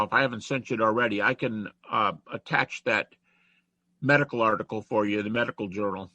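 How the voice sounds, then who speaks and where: Husky, bright-voiced older male lecturer. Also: medium pitch, dry recording. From United States. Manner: conversational, chatty, emphatic. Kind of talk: informal lecture.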